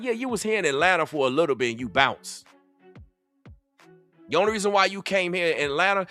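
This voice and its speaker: A man's voice: high voice, bright, forceful tone. A man with a Southern US accent giving heated, repetitive reaction commentary as a content creator. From Southern United States. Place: Atlanta.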